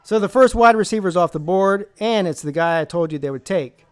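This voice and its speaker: A man's voice: sits high, lively intonation, fairly quick, clean tone. A man from South Carolina hosting a live football draft stream, brash, profane and joking in casual commentary.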